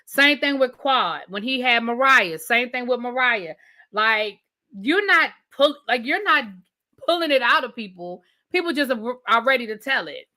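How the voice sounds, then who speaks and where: Bright, chatty woman reviewing TV live. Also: fairly high pitch, expressive, moderate pace. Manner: chatty and opinionated, with frequent restarts and repeated hedges. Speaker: show reviewer and livestream host. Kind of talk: casual livestream commentary.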